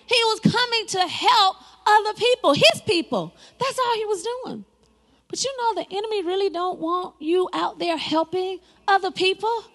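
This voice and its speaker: A woman pastor preaching a sermon, lively and dramatic, with laughs and spoken asides. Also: extremely high pitch, normal speed.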